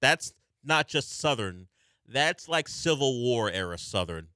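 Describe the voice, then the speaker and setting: Wry, forceful sports radio host man. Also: mid-range voice, a little slow, clean tone, no room sound, studio quality. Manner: wry, animated, teasing callers.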